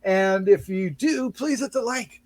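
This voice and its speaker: A man's voice: sits high, measured pace, a little mellow. A man hosting a casual review show, playful and chuckling, sometimes stumbling over his words. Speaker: podcast host.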